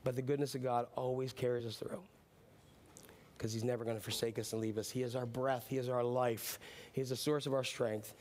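Male pastor preaching a relaxed, chatty sermon, with ums, rising to loud lines and dropping to near-quiet asides. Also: mid-range voice, brisk. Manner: swings between loud preaching and soft hushed asides; casual and chatty, with frequent ums.

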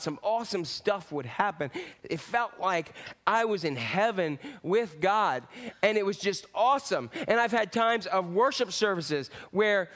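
A pastor preaching with a fairly high, animated voice. He calls out to the congregation, then drops to quiet, reflective moments as he talks through scripture. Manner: lively preaching with swings from loud to hushed. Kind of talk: sermon.

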